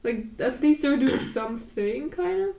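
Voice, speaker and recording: A woman's voice: high voice, lively intonation, normal speed, creaky, warm tone, far from the mic, slight background noise. A woman co-hosting a podcast in casual chat, blunt and swearing as she retells what people said. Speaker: podcast co-host. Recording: roomy echo.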